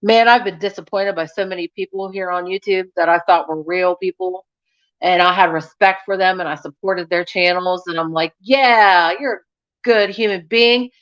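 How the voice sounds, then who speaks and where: In a dull lo-fi recording, a young adult YouTube host chats live and casually with her viewers, frank, scattered and often laughing. Her lowish voice is fairly bright, with fairly even intonation and a moderate pace.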